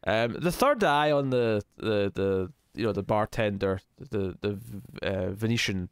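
A man's voice: on the low side, lively intonation, measured pace, clean tone, no room sound. Rambling, jokey man, dry sound. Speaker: podcast co-host. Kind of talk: casual chat reviewing a TV episode.

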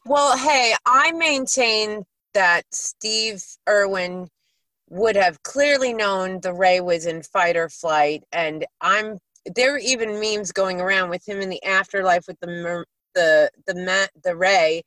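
A woman's voice: medium pitch, slow, fairly bright tone, dry recording, low-quality recording. Blunt, profane woman co-hosting a podcast. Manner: blunt and profane, swearing freely. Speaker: podcast co-host. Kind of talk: casual chat.

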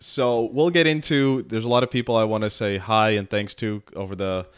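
A man's voice: lowish voice, fairly even intonation, moderate pace, clear, resonant tone. A man hosting a podcast, talking casually and rambling with many fillers. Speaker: podcast host.

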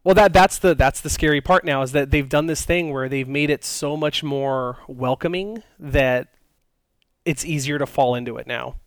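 A man co-hosting a casual podcast, talking loosely with frequent fillers and restarts. His voice is smooth and resonant, sitting at a middle pitch. The recording is dry and close. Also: moderate pace, no echo. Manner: rambling, many fillers and restarts. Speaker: podcast co-host. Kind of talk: casual chat.

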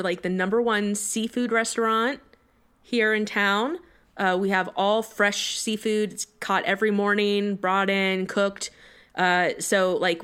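A woman's voice: medium pitch, a bit bright, clean tone. A woman playing a restaurant manager in an improvised comedy scene, talking in a chatty, hesitant way full of ums.

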